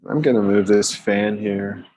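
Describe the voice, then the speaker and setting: A man leading a live guided breathwork session in a slow, gentle way, pausing often. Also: fairly low pitch, fairly even intonation, a little hiss or hum, poor audio. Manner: slow, gentle, with long pauses. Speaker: meditation guide. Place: room at home with a fan.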